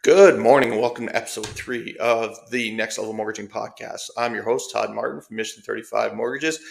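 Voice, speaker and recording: A man's voice: mid-range voice, gravelly, fairly bright tone. A man hosting a solo podcast, talking casually with lots of fillers and restarts. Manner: rambling, friendly, many fillers and restarts. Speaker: podcast host, mortgage agent.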